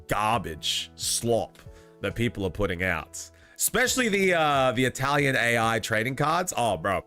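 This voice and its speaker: A man's voice: mid-range voice, bright, forceful tone. A young man streaming live, chatting casually with his viewers, joking, laughing a lot and swearing freely.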